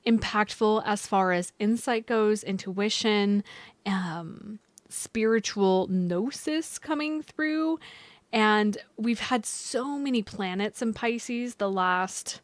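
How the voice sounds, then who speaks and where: A woman's voice: medium pitch, dry recording. A young woman astrologer talking casually to her viewers, loose and chatty with many fillers and restarts. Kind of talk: casual astrology vlog talk.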